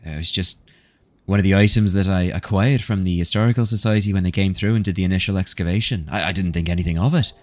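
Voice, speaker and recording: A man's voice: low-pitched, fast talker, natural voice. A man putting on a sly chummy tiefling innkeeper. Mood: innocent. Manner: chummy, wheedling, casual slang.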